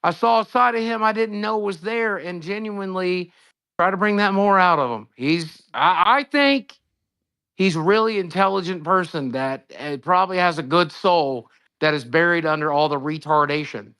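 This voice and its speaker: A man's voice: high voice, moderate pace, pushed and bright, clear, resonant tone, dry recording, studio quality. A man calling into a livestream, talking in a rambling, blunt, profane way. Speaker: streamer calling in. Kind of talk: casual livestream chat.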